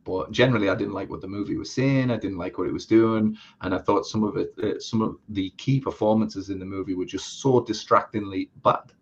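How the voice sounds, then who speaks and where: A man's voice: on the low side, a little fast, few pauses, husky, muffled recording. A man co-hosting a casual live chat, blunt and sweary, with a lot of restarts. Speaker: co-host.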